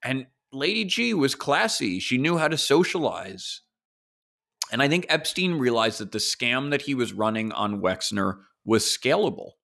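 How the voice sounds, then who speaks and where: Casual, swearing podcast host. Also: male voice, medium pitch, very animated, normal speed, vocal fry, pushed and bright. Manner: speculative, profane, storytelling. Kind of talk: casual solo podcast commentary.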